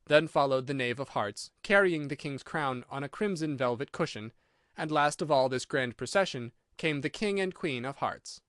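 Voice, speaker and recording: A man reading a classic storybook aloud as an expressive audiobook narrator. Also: medium pitch, moderate pace, no echo, studio quality. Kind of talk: scripted narration.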